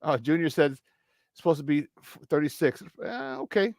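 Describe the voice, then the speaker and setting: A man hosting a morning sports talk show, chatty, joking and easily excited about his team. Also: fairly high pitch, moderate pace, gravelly, no room sound, studio quality.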